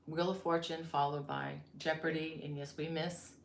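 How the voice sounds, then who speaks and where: A woman's voice: deep voice, level tone, normal speed, gravelly, reverberant, a little hiss or hum. A woman from Florida hosting a crochet live stream, chatting casually, reading viewer comments aloud and laughing easily. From Florida, USA.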